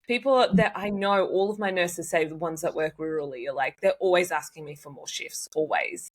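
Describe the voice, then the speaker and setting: A woman hosting a casual podcast interview, expressive and openly emotional as she asks questions. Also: on the low side, brisk. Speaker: podcast host.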